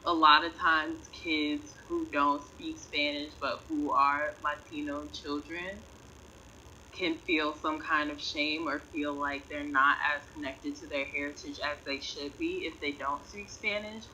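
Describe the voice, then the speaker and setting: A woman reading a prepared class presentation in an earnest, measured way. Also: low-pitched, steady tone, pushed and bright, highs cut off, a little hiss or hum. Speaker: student presenter.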